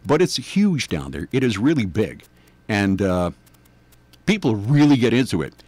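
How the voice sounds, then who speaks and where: An older New Yorker with a New York accent hosts a morning radio show, rambling in a chatty, self-deprecating way. His lowish, slightly mellow voice swings widely in pitch at a moderate pace, and the recording is dry.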